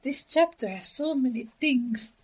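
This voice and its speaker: A woman co-hosting a book podcast, sharing animated, opinionated views. Her voice sits notably high. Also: a little slow, husky, low-quality recording. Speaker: podcast co-host. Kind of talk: casual book discussion.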